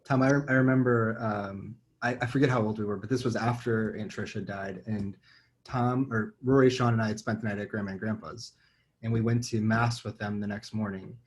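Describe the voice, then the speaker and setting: Casual male guest in his thirties, lowish voice, loose filler-heavy chat. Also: fairly even intonation, brisk. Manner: casual, with many "like" fillers and repeats. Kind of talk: casual conversation.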